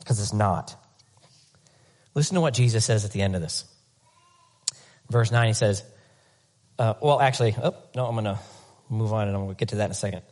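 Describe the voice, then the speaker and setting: A man's voice: fairly low pitch, fairly quick, pauses often. Man preaching a conversational sermon. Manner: conversational, animated preaching with comic asides; repeats words while rethinking sentences. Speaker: pastor.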